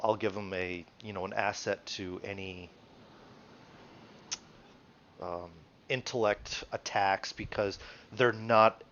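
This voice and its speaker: A man's voice: lowish voice, fairly bright tone, dull audio. A man acting as game master, explaining tabletop rules in a rambling, casual way. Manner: rambling, many restarts and fillers, laughs often.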